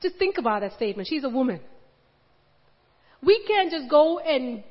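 A woman with a high, very animated voice preaches a sermon with passion at a moderate pace, acting out the pleading lines of Mary and the other people in her story. The recording sounds dull, with a long hall reverb.

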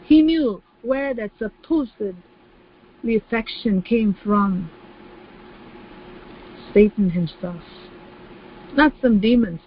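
A woman's voice: on the high side, slow pace, pauses often, slightly rough. Woman preacher, sermon delivery, emphatic and repetitive, acts out quoted voices; slightly dull recording.

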